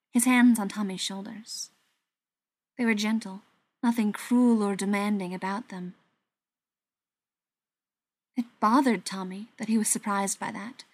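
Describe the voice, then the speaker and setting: A woman reading a story aloud in an even, soft narrating voice that sometimes drops to a whisper. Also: mid-range voice, no echo.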